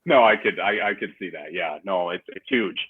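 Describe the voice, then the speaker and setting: A man co-hosting a casual sports podcast, talking in an animated way, laughing easily and restarting his sentences. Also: sits low, moderate pace, breathy edge, dry recording. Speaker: podcast co-host. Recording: tinny phone-like line.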